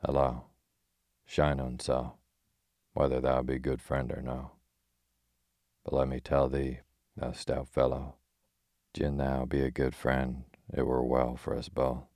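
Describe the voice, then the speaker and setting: A man reading a gruff blunt tinker. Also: rumbling low, completely flat delivery, slow, pauses often, darkish tone, dry recording, clean studio sound, heavily acted. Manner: blunt, archaic speech, scolding. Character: gruff quick-tempered male tinker, burly and blunt. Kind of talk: audiobook character reading.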